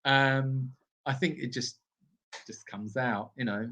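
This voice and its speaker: A man's voice: mid-range voice, fairly even intonation, slow, bright, forceful tone. A man co-hosting a live Q&A from an animal sanctuary, reading viewer comments in a playful, jokey way. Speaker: co-host of a live Q&A.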